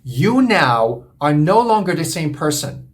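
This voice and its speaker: A man's voice: fairly high pitch, sing-song, measured pace. A man coaching on relationships, lecturing in an earnest, repetitive, emphatic way. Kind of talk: monologue lecture to camera.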